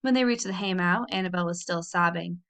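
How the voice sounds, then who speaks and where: Brief: expressive woman reader narrating a children's classic, lively storytelling. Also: fairly low pitch, a little fast. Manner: expressive, animated reading with small slips. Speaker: audiobook reader. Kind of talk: reading a children's novel aloud.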